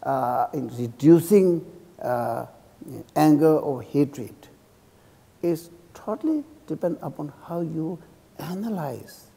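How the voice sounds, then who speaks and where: A man who is a Buddhist monk, speaking English with a Tibetan accent as a second language. He teaches a class in halting English and keeps checking in with his students by asking "okay?". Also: fairly high pitch, expressive, gravelly, mellow, slightly rough. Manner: acts out insults and praise with a laugh. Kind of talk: dharma class lecture. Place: teaching room in a cultural center. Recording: reverberant hall.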